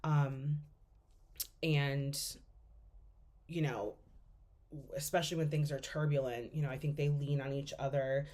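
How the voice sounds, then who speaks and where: A woman's voice: extremely low pitch, level tone, a little slow, pauses often, mellow. A young woman giving a class presentation as a student, speaking casually with lots of fillers as she thinks aloud.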